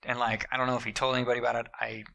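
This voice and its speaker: A man tells a strange story in an easy, casual way, cursing freely. His voice is gravelly with a very bright, sharp edge. He keeps jumping into high, loud voices to act out the people in the story. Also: very fast, low-quality recording. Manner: profane, animated, acts out quotes in jumped-up voices. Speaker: podcast co-host telling a story.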